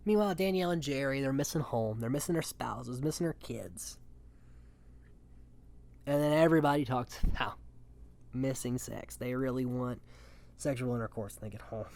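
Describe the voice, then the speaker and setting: A man's voice: mid-range voice, normal speed, gravelly, pauses often, a little mellow. A man talking casually and offhandedly as a recap host, swearing freely and chuckling often between points. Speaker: reality show recap host.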